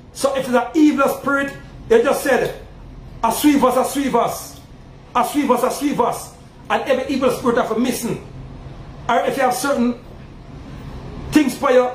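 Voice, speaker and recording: A man with a Jamaican accent, preaching emphatically to his audience as a self-styled Maroon chief and asking again and again whether they understand. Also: very high-pitched. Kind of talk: preaching monologue. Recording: roomy echo with faint ambient noise.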